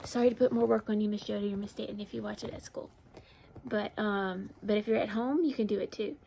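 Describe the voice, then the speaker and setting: A woman teacher reading a picture book aloud to young children in a sing-song storybook voice, with high excited calls and gentle, encouraging questions. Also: quick pace, creaky, slight background noise.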